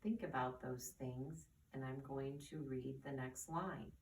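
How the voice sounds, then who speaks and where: Slow, soft-spoken woman teaching children. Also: a bass voice, slight background noise. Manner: slow, soft and coaxing, asks the children questions. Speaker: children's catechist. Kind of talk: gentle lesson for children. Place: church classroom. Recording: roomy, distant camera audio.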